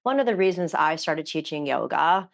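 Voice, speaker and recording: A woman's voice: low-pitched, expressive, moderate pace, gravelly. A woman podcast host and yoga teacher, chatting in an affirming, conversational way. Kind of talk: casual conversation.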